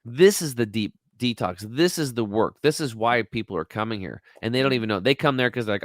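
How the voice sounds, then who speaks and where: A man's voice: medium pitch, expressive, brisk, hardly any pauses, no room sound, clean studio sound. A man in his forties, a podcast guest telling stories in a casual, emphatic, rambling way with some blunt swearing. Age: 40s. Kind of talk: casual storytelling chat.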